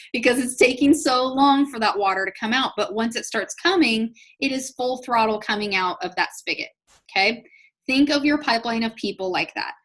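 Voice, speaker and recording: A woman's voice: fairly high pitch, normal speed, a bit bright. A woman leading a live online business training, chatty, upbeat and encouraging, talking straight to her audience. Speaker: network marketing trainer.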